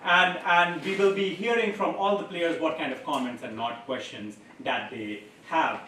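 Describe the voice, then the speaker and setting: A man's voice: a little high, moderate pace, bright, forceful tone, far from the mic, slight background noise. A man hosting a live comedy game show on stage, explaining the rules playfully and laughing at his own made-up scoring. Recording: echoey room picked up from afar.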